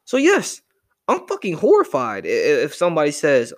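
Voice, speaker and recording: A young man ranting casually to camera, animated and profane as he reacts to a list. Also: on the high side, moderate pace. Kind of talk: casual rant.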